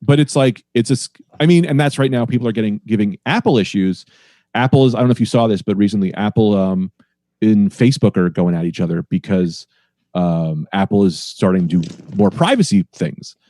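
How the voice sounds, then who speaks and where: A man's voice: on the low side, a little fast, warm tone, no room sound, studio quality. A man who is a comedian guest on a podcast, telling a rambling, profane story about a show in a casual, self-deprecating way.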